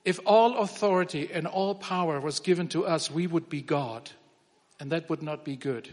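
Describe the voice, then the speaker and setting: A man preaching a sermon in a relaxed, conversational way, often restarting his phrases. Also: high voice. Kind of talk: sermon with humor. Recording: long reverb of a hall.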